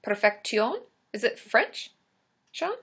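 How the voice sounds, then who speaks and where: A woman's voice: on the high side, animated, brisk, bright, forceful tone. A woman therapist hosting a casual live Q&A stream, chatty and giggly as she reads viewer comments aloud.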